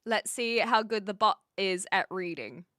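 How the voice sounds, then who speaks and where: A woman's voice: medium pitch, expressive, unhurried, a bit bright, no echo. A woman from New Zealand with a New Zealand accent, chatting casually on her live stream while she sets up a chat bot and thinks aloud. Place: home room with brick walls.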